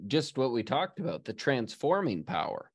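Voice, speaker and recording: A man's voice: medium pitch, very animated, moderate pace, husky, no room sound, clean studio sound. A man co-hosting a Christian podcast in casual chat, explaining his thoughts in a reflective way and often checking in with "right?". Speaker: podcast co-host.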